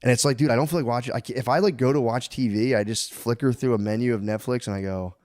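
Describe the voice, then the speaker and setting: A man's voice: mid-range voice, fast talker, a little mellow, no echo. A man in his thirties co-hosting a podcast, telling rambling stories in casual chat and swearing a lot. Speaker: podcast co-host.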